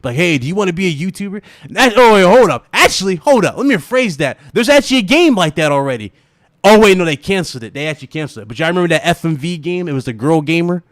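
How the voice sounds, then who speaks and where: A man hosting a gaming livestream, ranting and laughing in animated, profane casual chat. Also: high voice, quick pace, dry recording, clean studio sound.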